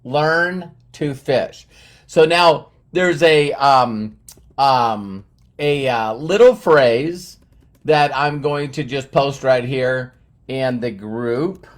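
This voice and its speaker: A man's voice: mid-range voice, very slow. A man hosting a live stream, chatting to viewers, greeting them by name and using lots of fillers. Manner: uses many fillers and repeats words. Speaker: livestream host.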